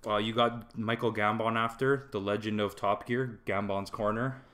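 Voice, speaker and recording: Young man, bright edgy tone, animated ranting movie-review host. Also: on the low side, moderate pace. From Toronto, Canada. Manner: animated, ranting, swears freely. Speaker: podcast co-host. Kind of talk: casual movie review chat.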